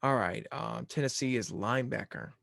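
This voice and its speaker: Young guy hosting a sports show, laid back and rambly, kinda gravelly, dry room. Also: mid-range voice, moderate pace, a bit bright, no echo. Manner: easygoing, rambling. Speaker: podcast host. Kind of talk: casual sports chat.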